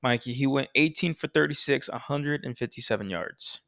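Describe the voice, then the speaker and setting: A man's voice: medium pitch, normal speed, gravelly, a bit bright. A man co-hosting a podcast, chatting casually about football in a rambling, opinionated, profane way. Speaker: podcast co-host. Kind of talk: casual sports chat.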